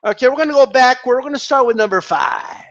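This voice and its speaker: A man rants on a casual vlog in a high voice that swings up and down a lot. He swears freely and often restarts his sentences. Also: fast, gravelly, lo-fi sound. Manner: animated, profane, rambling with restarts. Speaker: boxing commentator.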